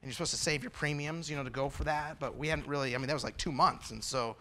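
A man preaching a testimony sermon, quiet and confessional at times, building to loud, fervent preaching. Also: fairly high pitch, steady tone, fast talker.

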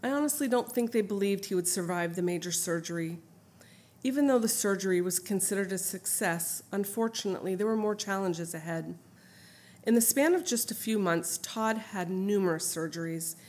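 A middle-aged woman reading her own memoir aloud in an earnest, heartfelt, steady way. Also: mid-range voice, moderate pace. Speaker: memoir narrator.

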